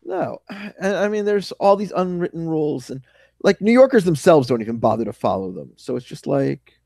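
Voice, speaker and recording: A man with a New York accent co-hosting a podcast, telling animated stories with some swearing. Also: a little high, moderate pace, gravelly, no echo, studio quality. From New York suburbs. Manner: animated storyteller, ranting and swearing. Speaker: podcast co-host. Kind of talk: casual chat.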